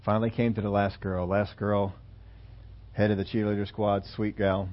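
A man delivers a sermon through a long illustration story, pausing and restarting as he goes. His voice sits low, and the recording is muffled and lo-fi. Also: flat delivery. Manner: halting, with fillers and restarts. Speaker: preacher.

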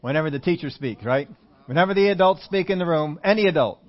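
A man preaching a sermon, slowing down and stressing key phrases and repeating points for his listeners to note down, now and then chuckling at his own jokes. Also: on the high side, animated. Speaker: pastor. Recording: dull lo-fi sermon audio.

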